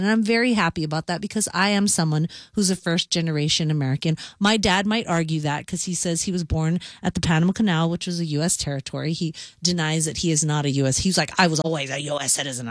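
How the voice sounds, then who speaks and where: A woman's voice: low voice, quick pace, hardly any pauses, dry recording, studio quality. A young woman from Hawaii, a radio co-host, sharing a casual, rambling opinion with easy laughs. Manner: chatty, rambling, laughs easily.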